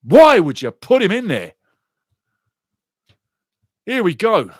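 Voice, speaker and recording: A man hosting a soccer show, giving blunt, excitable live commentary on a penalty shootout. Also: high-pitched, slow, no echo, clean studio sound. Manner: excitable, blunt, swings from laughing to outraged shouting. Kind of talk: live watch-along commentary.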